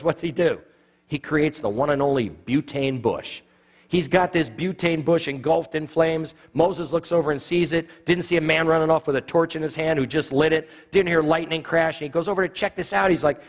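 A man teaching evangelism to a church audience. He tells stories with animation and acts out the voices. His voice is a touch high, and it rings with the long reverb of a church hall. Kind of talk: sermon-style teaching. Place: church sanctuary.

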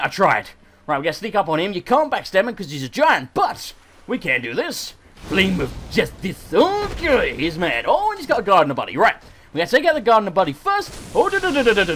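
An English man giving excitable, self-mocking gameplay commentary, swearing and laughing often. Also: high-pitched, slight background noise. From England. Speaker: let's play host.

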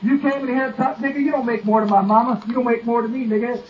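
A man's voice: extremely high pitch, fairly even intonation, quick pace. A man throwing mocking retorts back and forth in a heated online voice chat. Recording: muffled voice-chat audio with crowd noise.

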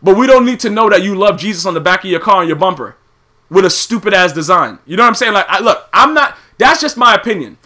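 A man hosting a podcast, animated and profane in a casual rant, who keeps asking "you know what I'm saying". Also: high voice, quick pace. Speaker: podcast host.

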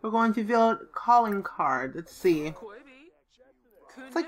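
A woman's voice: mid-range voice, big pitch swings, unhurried, pauses often. A woman casually commenting on a life-simulation game as she plays, reading options aloud and playfully voicing the characters. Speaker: let's play host. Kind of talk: gaming commentary.

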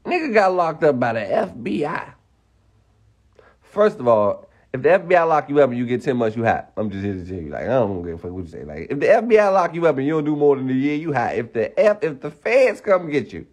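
A man's voice: medium pitch, big pitch swings, a little fast, a little mellow. A man hosting a casual livestream rant, mocking and profane, laughing often as he talks. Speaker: livestream host.

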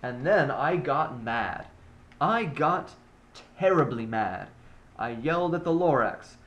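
A man reads a rhyming children's story aloud, leaning into its rhythm. His delivery is unhurried and slow. His pitch rises and falls widely from line to line. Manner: expressive rhyming read-aloud.

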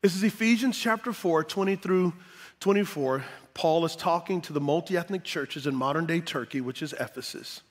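A male pastor preaching a sermon with great energy, repeating words for emphasis and swinging between loud exclamations and hushed tones. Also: a little high, moderate pace, long reverb tail.

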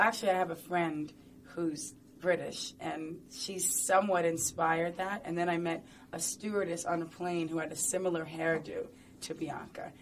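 A woman's voice: on the low side, slight background noise. A woman talking casually and playfully in an interview, rambling and chatty with lots of fillers.

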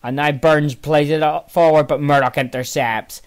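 A tired, yawning man commentating casually on his own football management game, muttering low between excitable outbursts. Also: moderate pace, clean tone. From Northern Ireland. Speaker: gaming channel host.

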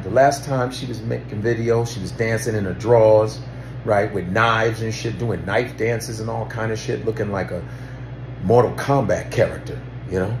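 Animated, lively-voiced male comedian. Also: lowish voice. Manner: animated, exclaiming, loose and profane. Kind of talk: comedic monologue to camera. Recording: roomy echo, faint background hiss.

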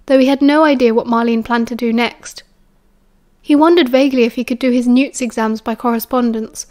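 A British woman narrating a story as an audiobook in a steady, even storytelling manner. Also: on the high side. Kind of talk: fan audiobook reading.

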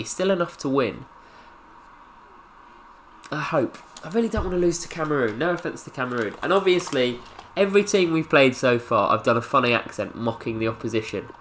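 A young man from England giving casual, jokey commentary over his own football video game, reacting loudly to the play. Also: mid-range voice, a little hiss or hum. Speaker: gaming YouTuber.

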